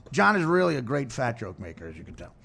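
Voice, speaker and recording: A man with a high, gravelly voice hosts a casual podcast chat. His pitch swings widely as he teases his guest. He laughs often and trips over his own restarts. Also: sing-song, a little fast, pushed and bright. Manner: teasing, laughing, stumbling restarts. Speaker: host.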